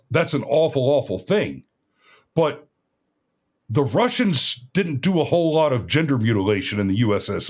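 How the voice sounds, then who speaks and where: A man's voice: a little high, breathy edge. A middle-aged man co-hosting a podcast, talking casually about politics in a rambling way, often restarting his sentences. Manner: rambling, restarts often, laughs at own stories. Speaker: podcast co-host.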